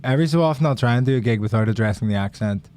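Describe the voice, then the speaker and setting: A man's voice: medium pitch, racing, darkish tone. A man with an Irish accent, a comedian chatting casually in a dry, thoughtful way. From Ireland. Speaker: podcast co-host and stand-up comedian. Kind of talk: casual chat.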